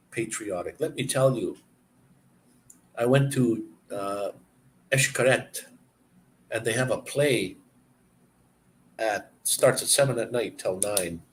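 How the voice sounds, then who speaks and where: A man's voice: medium pitch, a bit bright, rough recording. A man hosting a live stream, chatting casually and rambling from one story to the next with chuckles.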